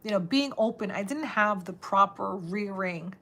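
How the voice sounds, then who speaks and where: A woman in her thirties hosting a live stream, chatting casually, full of "like" fillers and laughter, reading viewer comments, her voice getting a bit raspy. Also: mid-range voice, moderate pace, sharp tone, slight background noise.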